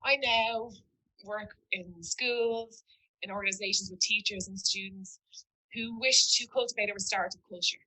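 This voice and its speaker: A teacher speaking to an audience, telling a story in an earnest, reflective way. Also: female voice, medium pitch, fairly even intonation, normal speed, pushed and bright, slightly rough, low-quality recording. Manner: earnest, reflective, quotes a student in dialogue. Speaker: teacher giving a talk.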